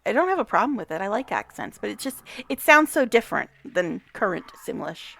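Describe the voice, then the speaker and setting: A woman's voice: medium pitch, big pitch swings, brisk, vocal fry, a bit bright. A woman giving casual gameplay commentary, chatty, talking to the game characters, swearing and laughing often. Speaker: gamer vlogger.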